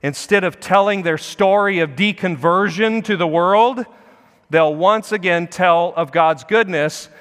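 Earnest preacher, slightly high voice. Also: male voice, clear, resonant tone, long reverb tail. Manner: earnest preaching, swells louder and slower on key phrases. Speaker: pastor. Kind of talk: sermon. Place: church sanctuary.

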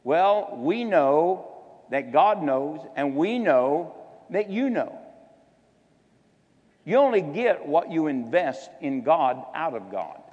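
Slow-preaching man in a reverberant hall. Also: on the high side, expressive, a little mellow, slightly rough, lo-fi sound. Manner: exhorting, shifts between slow drawn-out emphasis and quick asides. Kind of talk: sermon.

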